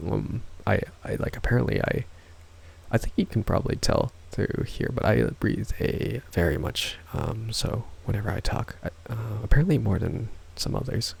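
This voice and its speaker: Male streamer, worn-out husky voice, breathy rambling chat, close mic. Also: on the low side, expressive, normal speed, darkish tone. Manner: breathy, laughs often, rambling with restarts. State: hoarse, worn-out voice. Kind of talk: casual live-stream chat to viewers. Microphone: close ASMR microphone.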